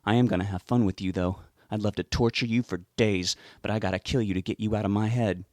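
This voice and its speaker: A man performing a huge, sadistic killer who drawls in a Southern accent and mocks his victim. The voice sits low and close, recorded dry, in an audiobook reading. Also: steady tone, fast talker, darkish tone, dry recording, close to an everyday voice. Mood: taunting. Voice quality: drawling, mocking. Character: towering male serial killer, taunting and sadistic.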